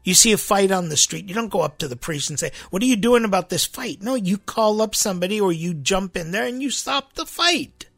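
Gravelly, husky-voiced priest preaching casually. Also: male voice, high-pitched, animated, fairly quick, hardly any pauses, a bit bright. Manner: rambling, repeats himself, rhetorical "right?" asides. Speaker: Armenian church priest. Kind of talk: conversational sermon to a congregation.

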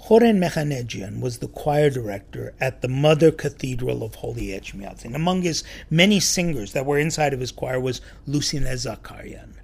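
A man telling a church story in a sermon, lively and acting out the quoted voices. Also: mid-range voice, moderate pace, creaky, few pauses, breathy edge. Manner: animated storyteller, acts out quotes.

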